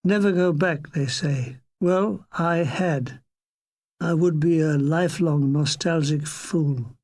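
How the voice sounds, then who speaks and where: An older man reading a comic memoir aloud with dry, deadpan wit. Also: fairly high pitch, takes it slowly. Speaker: narrator.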